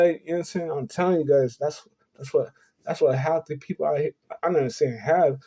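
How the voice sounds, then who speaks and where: Young guy rambling thru his story, keeps saying you know what im saying, mellow dark voice, kinda high. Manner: earnest, confessional. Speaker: vlogger. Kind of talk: personal storytelling to camera.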